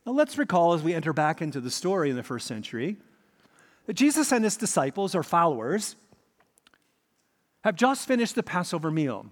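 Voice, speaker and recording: A man's voice: fairly high pitch, big pitch swings, fairly quick, long pauses, big-room sound. A man preaching a sermon as pastor, telling the story dramatically and repeating his key points.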